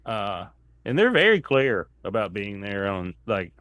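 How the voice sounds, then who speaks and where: A comedian telling a long rambling anecdote in casual chat, acting out what people said. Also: male voice, fairly low pitch, very animated, measured pace, no room sound, phone-quality sound. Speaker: comedian guest.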